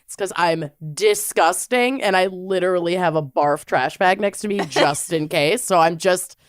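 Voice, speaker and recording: A woman's voice: on the low side, moderate pace, smooth, no echo, clean studio sound. A woman co-hosting a casual podcast chat while sick with a bug, chatty and self-deprecating. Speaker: podcast co-host.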